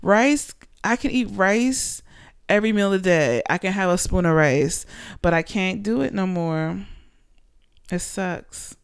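A woman's voice: mid-range voice, unhurried, smooth. A woman in her late twenties hosting a podcast, rambling casually and animatedly with lots of fillers. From Panama. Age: 20s. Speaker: podcast host.

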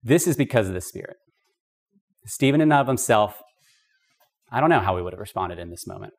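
A man's voice: on the low side, lively intonation, a little fast. A man teaching a podcast Bible study in an emphatic, conversational way, with casual asides. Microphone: podcast microphone.

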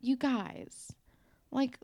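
A woman's voice: high voice, extremely slow, warm tone, dry recording, studio quality. A young woman co-hosting a podcast, chatting casually and enthusiastically, with emphatic swearing. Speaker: podcast co-host. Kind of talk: casual recap chat.

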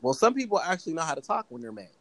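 A man's voice: fairly high pitch, big pitch swings, racing, crowd noise, poor audio. A man co-hosting a casual conversation, speaking candidly and laughing easily.

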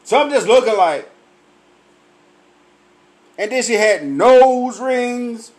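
A man, tipsy from drinking, telling loud, profane comic stories and laughing at his own punchlines. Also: extremely high pitch, expressive. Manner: loud, laughing, heavy cursing, drawn-out punchlines. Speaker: comedian vlogger. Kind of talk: profane comic storytelling rant.

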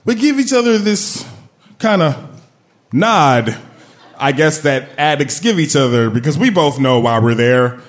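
A man tells a funny story from his own life, his voice sitting high and leaping up and down with every line. He talks in a loose, profane, self-mocking way. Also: lively intonation, unhurried. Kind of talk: comic personal storytelling.

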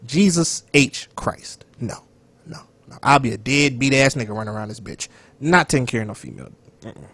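A man co-hosting a casual podcast chat, loud and animated, profane, sometimes dropping to a whisper. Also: mid-range voice, a little fast, no room sound. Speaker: podcast co-host.

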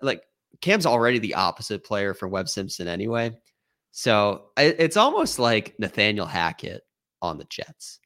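A man's voice: fairly low pitch, big pitch swings, moderate pace, fairly bright tone. A man co-hosting a casual golf-betting podcast, musing in a wry, easygoing way. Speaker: podcast co-host. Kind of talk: casual sports-betting chat.

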